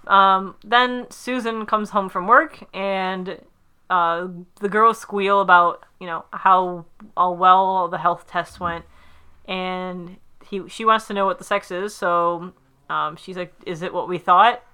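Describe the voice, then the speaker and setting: A woman's voice: lowish voice, fairly even intonation, takes it slowly, pushed and bright, clear, resonant tone. A woman recapping a sitcom episode in casual chat, rambling with fillers and acting out the characters' lines. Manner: chatty, rambling with many fillers, acts out quotes.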